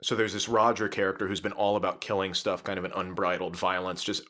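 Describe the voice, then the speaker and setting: Low-voiced man casually retelling a story. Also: little pitch movement, fast, bright, forceful tone. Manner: rambling, breaks into laughs. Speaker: podcast host retelling a novel. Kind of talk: casual podcast chat.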